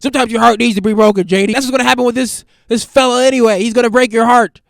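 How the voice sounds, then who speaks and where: A man's voice: extremely high pitch, steady tone, very fast, gravelly, no room sound, clean studio sound, pitched above the performer's own voice. A man voicing an indignant, bigoted middle-aged white father who sputters in outrage at his daughter. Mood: stern.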